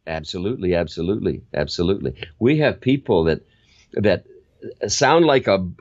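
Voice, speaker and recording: Older man with a low, dry voice. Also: normal speed, no echo, lo-fi sound. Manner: animated storyteller, acts out examples. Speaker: guest, voiceover veteran. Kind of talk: casual interview chat.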